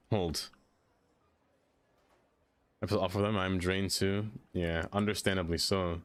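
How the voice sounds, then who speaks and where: A man streaming a game, chatting casually, talking to what he builds and answering chat, quick to exclaim in dismay when things go wrong. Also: low voice, little pitch movement. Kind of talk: casual live-stream chatter while playing.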